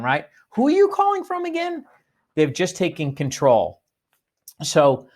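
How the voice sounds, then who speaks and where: A man giving a sales training talk, coaching listeners and acting out sample phone greetings. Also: a little high. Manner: coaching, demonstrates phone lines.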